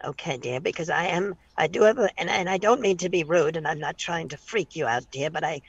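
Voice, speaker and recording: A man voicing a pushy 87-year-old woman on a prank call, croaking and calling everyone "dear". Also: a little high, fairly quick, dry recording, lo-fi sound. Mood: politely crude. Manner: croaky granny voice, ends every line with "dear".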